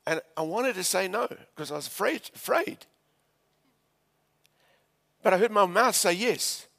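A South African man in his fifties preaches to a church congregation, his voice a touch high. He tells stories animatedly, stumbling over restarts and laughing with the crowd. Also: animated, a little fast, vocal fry, fairly bright tone. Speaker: pastor. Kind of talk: sermon storytelling. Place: church before a live audience.

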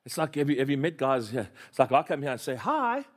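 A pastor delivers a sermon at a fast clip in a medium-pitched voice. He tells humorous stories and has the congregation repeat lines back to him in call-and-response.

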